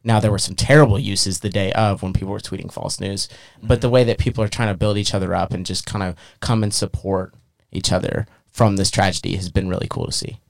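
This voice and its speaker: A man's voice: low voice, fairly even intonation, fast talker, gravelly. A man chatting casually as a podcast guest, animatedly acting out imagined quotes. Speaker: podcast guest, sports reporter.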